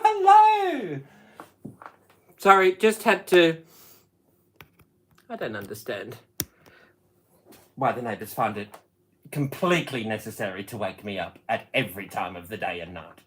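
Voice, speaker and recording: A man's voice: on the low side, wildly swooping pitch, moderate pace, pauses often, bright, forceful tone, roomy sound, a little hiss or hum. A man hosting his own live stream, chatting casually with viewers in a playful, giggly way and breaking into bits of song.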